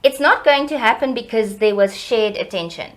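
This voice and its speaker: A middle-aged woman educator, explaining child development in a lively, teacherly way in an interview. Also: normal speed. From South Africa. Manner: animated, teacherly, varies pitch and loudness for emphasis.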